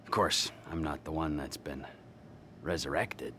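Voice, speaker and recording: A man's voice: a bass voice, a little slow, noisy background. An actor playing a volatile, unhinged male criminal in a video game cutscene, sarcastic and swinging into manic cheer. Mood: mocking.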